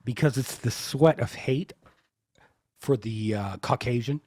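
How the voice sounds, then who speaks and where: A man co-hosting a comedy podcast, explaining an absurd recipe in a deadpan, mock-serious way. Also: medium pitch, unhurried, no room sound, studio quality. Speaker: podcast co-host.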